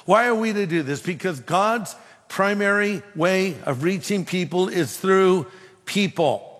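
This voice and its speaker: A man preaching a sermon, telling a humorous personal story in an animated way. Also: sits high, measured pace, big-room sound. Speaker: pastor.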